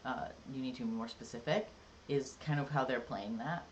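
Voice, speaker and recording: A chatty live-streamer talking casually to viewers, rambling along with plenty of "like"s and "um"s. The voice sits at a middle pitch, with a faint hum of room ambience behind it. The manner stays easygoing and a little jokey. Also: moderate pace. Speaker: livestreamer.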